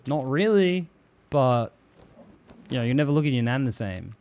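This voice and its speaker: A man's voice: medium pitch, expressive, normal speed, a little mellow, clear, resonant tone. A man streaming live, chatting casually and swearing freely as he reads viewer messages aloud and jokes about them.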